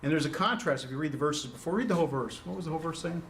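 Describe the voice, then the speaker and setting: Talking rapid-fire in a fairly high, fairly bright voice, a man runs a relaxed Greek lesson. He fills his speech with "um"-style fillers and keeps asking the students questions. The mic sits at a distance, picking up slight noise.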